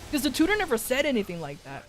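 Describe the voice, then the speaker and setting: A woman's voice: sits high, huge pitch swings, fast. A woman with an American accent chatting casually on a stream, rambling through a story, swearing freely and laughing often. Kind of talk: casual chat.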